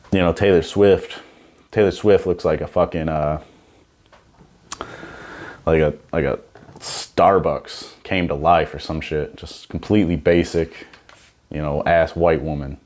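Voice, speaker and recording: A young man with a low, slightly mellow voice hosts a comedy podcast, delivering a rambling, profane monologue in a casual way. He keeps saying "you know what I'm saying."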